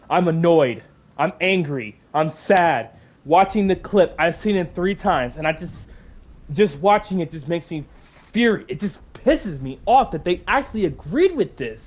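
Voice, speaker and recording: A man hosting a livestream, ranting angrily with heavy profanity and frequent sighs. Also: fairly high pitch. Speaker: channel host. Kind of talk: livestream rant.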